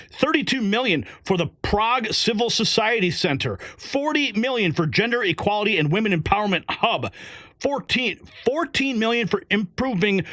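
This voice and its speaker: A male host giving animated political commentary, excitable and prone to exclaiming and laughing. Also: sits high, dry recording, studio quality.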